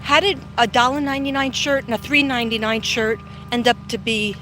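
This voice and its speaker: With background noise around her, she talks a little fast in a fairly high voice with fairly even intonation. She's a middle-aged psychic vlogger on a live stream during an outdoor walk, rambling casually and reading viewer comments aloud.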